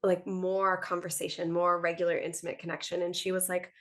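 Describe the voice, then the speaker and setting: A woman guest on a podcast, chatting casually and telling her stories in a lively way, often breaking into laughter. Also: on the low side, a little fast, hardly any pauses. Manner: animated storyteller, laughs often. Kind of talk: casual conversation.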